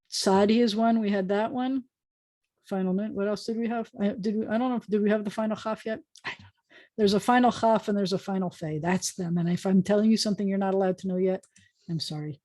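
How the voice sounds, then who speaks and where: Woman, warm low-toned voice, rabbi teaching a Hebrew class, chatty, video call. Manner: chatty, self-correcting, drawing letters as she explains. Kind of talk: online class lesson.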